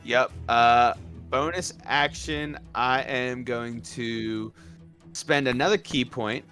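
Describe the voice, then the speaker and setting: A man playing a tabletop game, thinking aloud through his turn in an unhurried way. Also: mid-range voice, fairly even intonation, bright, forceful tone, faint music behind. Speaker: player. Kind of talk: tabletop game play on stream.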